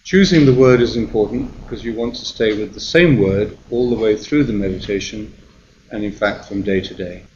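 A man who is a monk and meditation teacher gives a guided meditation talk, speaking calmly and gently with slow pauses. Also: fairly low pitch, muffled recording, slight background noise.

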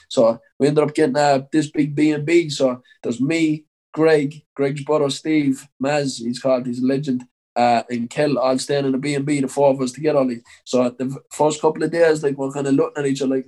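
Young Irish fighter, mid-pitched and loose-tongued, full of "like" fillers and curse words, casual interview storytelling. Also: male voice, fairly even intonation, fairly quick, dark tone, low-quality recording. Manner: rambling, peppered with "like" and swearing. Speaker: professional boxer.

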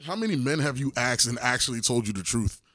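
A man's voice: medium pitch, animated, fast talker, pushed and bright, dry recording, studio quality. A man co-hosting a podcast in casual chat, blunt, profane and teasing as he argues his point. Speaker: podcast co-host.

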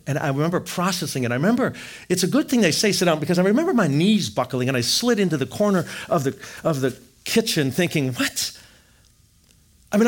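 Male speaker, middle-aged, animated storyteller, slightly higher voice, shares a personal faith testimony. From Wisconsin.

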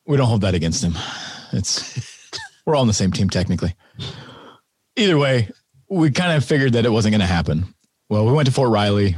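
A man with a fairly low, husky voice tells stories in a relaxed, wry way, with a laugh never far off. The sound is close and dry, with no room around him. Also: no echo. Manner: laid-back, wry, laughs often. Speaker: podcast guest, farmer. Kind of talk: casual conversational storytelling.

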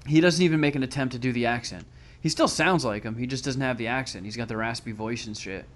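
A man's voice: medium pitch, quick pace. A man telling a crude, sarcastic story in casual chat. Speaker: podcast guest telling a story.

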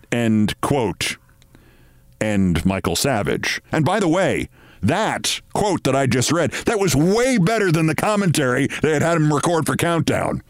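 A man's voice: on the high side, very animated, unhurried, no room sound. A man hosting a podcast, delivering scripted political commentary in a sardonic, emphatic storytelling manner. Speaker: podcast host.

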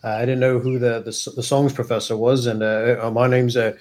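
A man's voice: mid-range voice, little pitch movement, a little fast, darkish tone, lightly acted. A man voicing a nervous young bard who stammers earnestly while trying to impress a professor.

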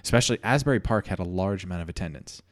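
A male podcast host with a fairly low voice tells a comic story. He talks in an easygoing, chatty way and laughs often. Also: animated, racing, dry recording, clean studio sound. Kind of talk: improvised comedic storytelling.

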